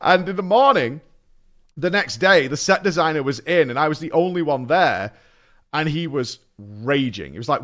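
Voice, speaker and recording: A man chatting on his stream, his voice rising and falling over a lively range as he recounts a mishap. He swears casually and breaks into laughter, keeping the tone loose and conversational. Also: a little high, normal speed. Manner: animated storytelling, swearing and laughing. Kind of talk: casual chat.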